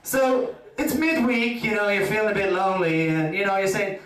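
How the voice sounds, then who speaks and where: A man's voice: high-pitched, normal speed, fairly bright tone. A man with an Irish accent doing a rambling stand-up routine full of "you know" asides. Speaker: stand-up comedian. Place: comedy club stage. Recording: echoey club from a distant mic.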